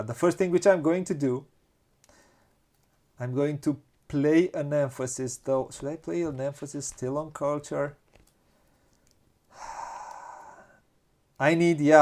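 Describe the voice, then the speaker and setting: A man's voice: on the high side, a little mellow. A man with a Romanian accent playing a board game, counting pieces and thinking aloud as he plans his moves. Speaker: board game channel host. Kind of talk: casual board game playthrough.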